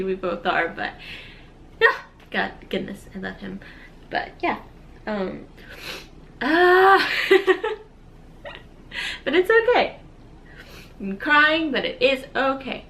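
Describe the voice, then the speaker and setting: A young woman in her twenties filming a casual personal vlog at home, speaking softly and rambling, with many fillers and tearful laughs. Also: medium pitch, a little hiss or hum. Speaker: vlogger, new mother. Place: at home, holding her baby. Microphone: camera viewfinder.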